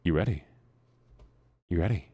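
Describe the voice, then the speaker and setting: A young man streaming and chatting casually with viewers, rambling, swearing and breaking into sudden high-pitched outbursts. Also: moderate pace, dark tone, husky, no room sound. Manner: rambling with restarts, talks to chat. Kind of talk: casual live-stream chat while gaming.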